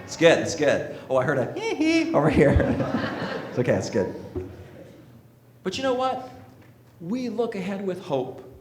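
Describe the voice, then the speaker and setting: A man preaching a sermon to a congregation, slow and emphatic, asking the listeners rhetorical questions. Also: on the high side, very animated, a little mellow, roomy sound, a little hiss or hum. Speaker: minister. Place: sanctuary with congregation.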